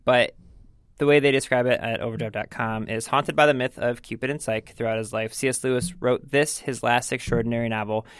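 Unhurried man with a dry, close sound. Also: medium pitch, clean tone, no echo. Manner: unhurried, hesitant, filler-heavy, teasing. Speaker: podcast co-host. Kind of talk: casual book chat.

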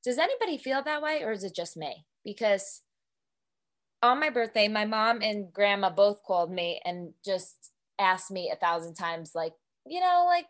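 A woman's voice: mid-range voice, expressive, moderate pace. A young woman co-hosting a podcast, chatting candidly and emotionally, swearing freely as she vents about her life. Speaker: podcast co-host. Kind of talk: casual solo podcast chat.

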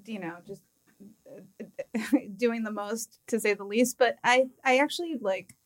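A woman's voice: on the high side, unhurried. A woman guest on a casual comedy chat show, talking hesitantly with many fillers. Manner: hesitant, lots of likes and ums.

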